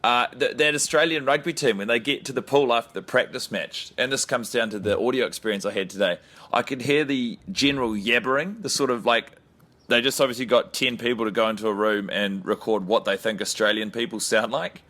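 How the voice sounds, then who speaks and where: A New man with a mid-range voice, co-hosting a casual podcast from home over a call. His delivery is dry and deadpan, with a mock-exasperated edge. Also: medium pitch, fairly quick. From New Zealand. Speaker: podcast co-host. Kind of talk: casual chat. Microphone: remote call, home mic.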